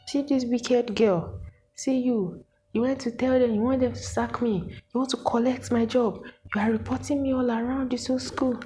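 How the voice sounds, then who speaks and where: A woman's voice: fairly high pitch, steady tone, moderate pace, slight background noise, pitched above the performer's own voice, natural voice, poor audio. A woman putting on a raging Nigerian course advisor. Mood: furious, scornful. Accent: Nigerian English. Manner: shouting accusations, scornful and threatening. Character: furious middle-aged woman course advisor.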